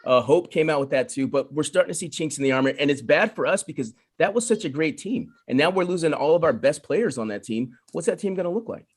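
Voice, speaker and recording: A man's voice: on the high side, animated, fast talker, few pauses, slightly rough. A man co-hosting a casual sports chat, opinionated and insistent.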